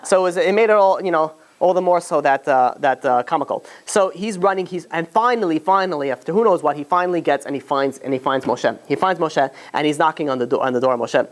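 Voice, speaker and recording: A man teaching a class, telling the story informally, with many restarts and "you know"s, and growing animated at the lively moments. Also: fairly high pitch, quick pace, hardly any pauses. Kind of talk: informal storytelling lesson to students.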